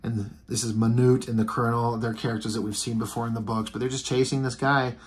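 A man's voice: mid-range voice, flat delivery, fast talker. A man casually reviewing a comic book, rambling along with lots of ums and restarts. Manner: rambling, filler-heavy.

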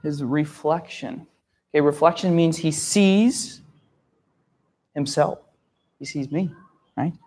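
A man teaching a story lesson to language learners, telling it in an animated way, gasping for effect and often checking that they understand. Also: a little high, slow pace, pauses often. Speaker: English teacher.

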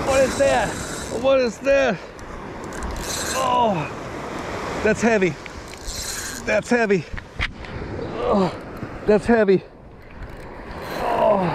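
A man who works as a fishing guide, giving casual vlog commentary on a beach and whooping and hollering as he reels in fish. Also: high-pitched. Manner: excitable, whooping and hollering while reeling in fish. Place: outdoors on an ocean beach. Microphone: chest-mounted action camera. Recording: outdoor action camera with loud surf noise. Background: crashing surf.

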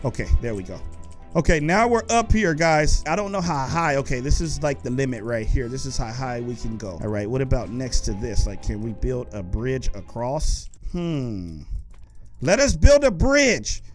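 A young man giving excited let's-play commentary while gaming, often shouting and taunting the monsters. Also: medium pitch, moderate pace, soft background music. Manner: animated, shouts and taunts in-game enemies. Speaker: gaming YouTuber.

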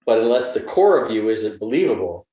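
A man's voice: lowish voice, sing-song, a little fast, mellow. A man in his seventies from the United States, an actor being interviewed, thoughtfully telling stories and giving advice. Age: 70s. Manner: thoughtful, storytelling, gives advice. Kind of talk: reflective conversational interview. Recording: roomy echo.

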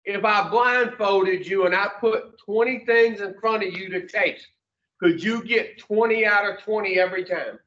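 In a room with a small audience, a man with a high, fairly bright voice speaks at a moderate pace. He gives the group a blunt, profane pep talk, tossing folksy questions to the room. The recording sounds roomy, distant, and dull.

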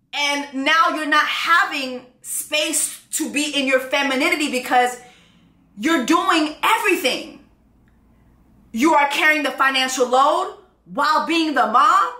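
A woman's voice: sits high, roomy sound. A woman hosting a casual commentary vlog, telling a personal dating story and acting out the back-and-forth in quoted lines. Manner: animated storytelling, acts out quoted exchanges. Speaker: host.

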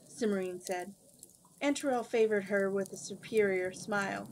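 A woman's voice: medium pitch, normal speed, a little hiss or hum, low-quality recording. Woman reading a storybook aloud. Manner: steady storybook narration, occasional slips. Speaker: book reader. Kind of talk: reading a children's fantasy novel aloud.

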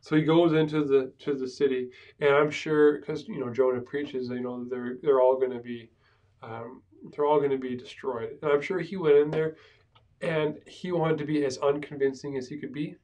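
A man's voice: medium pitch, fairly even intonation, moderate pace, a little mellow. A man, a pastor, teaching a Bible survey class in a conversational way, often checking in with "right?". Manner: conversational, with frequent "right?" asides and restarts. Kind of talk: casual classroom lecture. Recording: speaker far from the mic.

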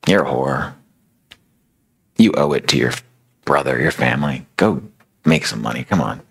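A man voicing a sneering inner spirit that taunts and accuses in a low, hissing, relentless way. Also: animated, moderate pace, gravelly, breathy edge, exaggerated voice. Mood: accusing.

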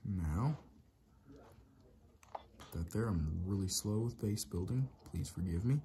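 A man's voice: low-pitched, takes it slowly, pauses often. An Irish man giving casual commentary on his own gameplay, muttering running instructions to himself as he builds. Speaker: let's play gamer. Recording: steady background noise with keyboard clicks.

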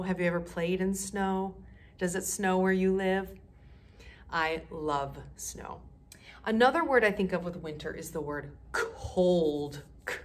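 A woman teaching a kindergarten music class, talking slowly and clearly to small children and encouraging them to join in. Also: lowish voice.

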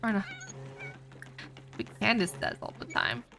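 A woman's voice: medium pitch, sing-song, a little slow, vocal fry, pushed and bright. A woman hosting a casual let's play, chatty, jokey and exclamatory as she comments on her game. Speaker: gaming channel host.

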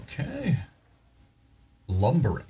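A man with a fairly high voice and huge pitch swings takes his time while hosting a gaming channel, casually commenting as he opens card packs in a wry, self-deprecating, think-aloud way. Loud background music plays under his voice, with slight background noise.

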